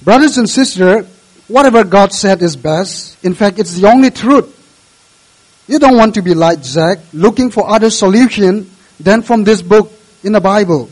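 A male pastor delivers a sermon in an earnest, measured way, exhorting the congregation. His voice sits high for a man. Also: low-quality recording.

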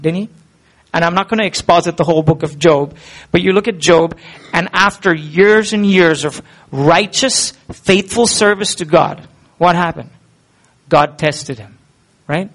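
A man with a high voice preaches a sermon. He talks earnestly and conversationally, and he keeps asking his listeners questions. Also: fairly bright tone.

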